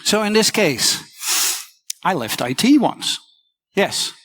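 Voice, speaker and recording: A woman's voice: medium pitch, big pitch swings, takes it slowly, a bit bright, breathy edge, no room sound, studio quality. A woman teacher giving a casual conference talk, swearing freely and acting out the voices she quotes.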